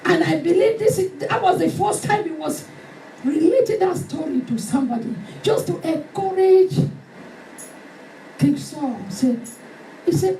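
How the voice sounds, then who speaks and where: A woman preacher delivering a fervent sermon, shouting and acting out stories. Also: very high-pitched, unhurried, a little hiss or hum. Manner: fervent, shouting, dramatic retelling. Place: church hall. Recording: echoey hall from far off with music.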